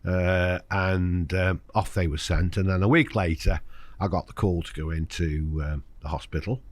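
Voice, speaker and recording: An older British man, guesting on a podcast, tells a personal story candidly and acts out the voices of the people involved. He has a deep voice at normal speed, with no room sound.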